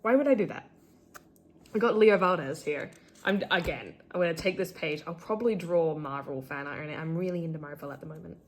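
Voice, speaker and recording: A woman's voice: fast, a little hiss or hum. Chatty teen girl flipping through sketches. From Australia. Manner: chatty, self-deprecating, full of "like" and "um"; gushes with sudden high squeals over favourite characters. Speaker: artist showing her sketchbook. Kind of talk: casual chat.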